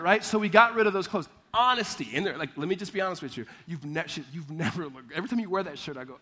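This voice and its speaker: A male pastor preaching a sermon, telling lively stories with laughter and acting out both sides of a conversation. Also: high voice, fairly quick. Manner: animated storytelling, acting out dialogue, laughing often. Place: church.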